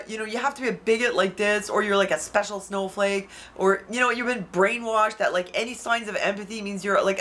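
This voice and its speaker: Bright-voiced woman ranting bluntly. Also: medium pitch. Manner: outspoken, blunt, swears freely; heated, frustrated. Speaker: YouTuber. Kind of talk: emotional vlog rant. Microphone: camera mic.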